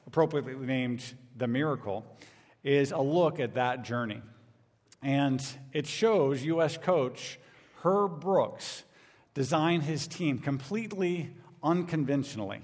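Male pastor, storytelling sermon full of restarts and "okay?" check-ins, long hall reverb. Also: mid-range voice. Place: large church hall.

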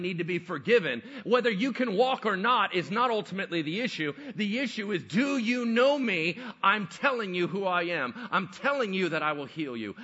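A man voicing Jesus as an earnest, firm teacher, speaking forcefully and insistently. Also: high voice, slightly rough, lo-fi sound, pitched above the performer's own voice, exaggerated voice.

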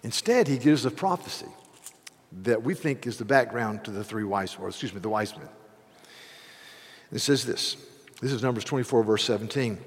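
A man preaching a sermon, retelling scripture as a conversational story with animated asides. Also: mid-range voice, moderate pace, pauses often, slightly rough, big-room sound.

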